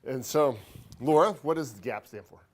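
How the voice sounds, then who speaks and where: A man teaching an accounting class, talking fast and joking with students, his throat dry from talking. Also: medium pitch. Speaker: accounting instructor. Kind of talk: classroom lecture.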